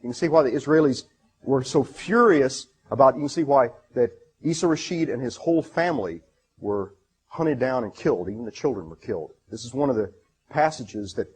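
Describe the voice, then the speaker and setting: Man, husky voice, lecture presentation, halting delivery, lots of fillers, enthusiastic, mid-pitched. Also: animated. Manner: halting, many fillers and restarts. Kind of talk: lecture presentation, reading passages aloud.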